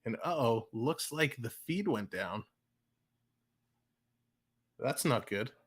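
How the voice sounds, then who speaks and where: A man doing excited, chatty live play-by-play of a hockey game from home, with a TV behind him. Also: medium pitch, takes it slowly, husky. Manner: excited, chatty, laughs at mishaps. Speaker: play-by-play streamer. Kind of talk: amateur live play-by-play commentary.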